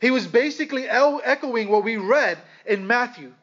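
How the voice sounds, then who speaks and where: A man preaching a sermon, speaking with dramatic pauses and calling his listeners "guys". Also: very high voice, lively intonation, a bit bright. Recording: slightly dull lo-fi sound.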